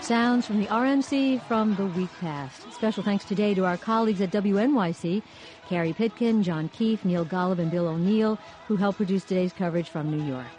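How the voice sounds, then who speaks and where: A woman hosting a public radio news show, introducing segments and putting brisk, friendly questions to guests. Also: mid-range voice, a little mellow, soft background music.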